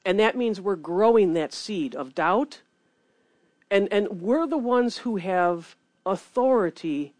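A woman preaching a sermon in an earnest, animated way, reading scripture between her points. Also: medium pitch, slow pace, no room sound.

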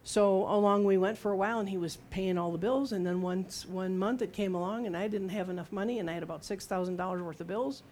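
A woman's voice: mid-range voice, quick pace, few pauses, a little mellow. Woman preaching with conversational humor. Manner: conversational, humorous storytelling with acted-out quotes. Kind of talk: sermon.

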